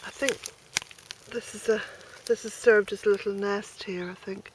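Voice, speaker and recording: A woman's voice: mid-range voice, steady tone, normal speed. A middle-aged Irish woman from Ireland, chatting casually as she walks her garden, a bit out of breath and calling out to her dog now and then. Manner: chatty, calls loudly to her dog between quiet asides. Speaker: smallholder vlogger. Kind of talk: casual walk-and-talk garden tour. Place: outdoor rural garden. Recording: noisy outdoor camera audio.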